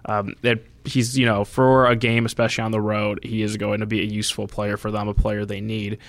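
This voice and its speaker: Man, co-host, low voice, flat delivery, measured and slightly hesitant, casual betting talk. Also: dry recording. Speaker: podcast co-host. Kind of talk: casual sports betting chat.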